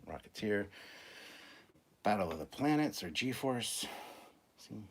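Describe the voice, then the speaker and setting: A man with a deep, low-pitched voice talks through a casual livestream show-and-tell in a room at home. He rambles in a relaxed way and jokes at his own expense, over a faint hiss of background noise. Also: slow. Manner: relaxed, rambling, self-deprecating. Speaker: channel host. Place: upstairs room at home filled with collectibles.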